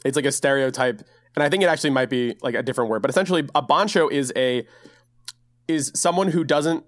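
A young man co-hosting a podcast in casual chat, talking in an animated, rambling way and jumping into excited high voices. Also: fast talker, dry recording. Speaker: podcast co-host.

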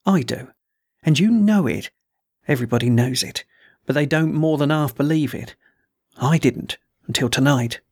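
A man's voice: mid-range voice, moderate pace, creaky, a little mellow, dry recording, studio quality. A man reading an audiobook, voicing a frightened teenage ship's apprentice who pleads in an urgent, tearful whisper. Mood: insistent. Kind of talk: audiobook narration.

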